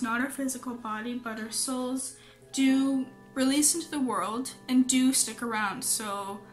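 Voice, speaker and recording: A young woman talking casually to camera from her home office, halting with many ums and holding back tears as she speaks. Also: a little high, fairly bright tone. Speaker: vlogger.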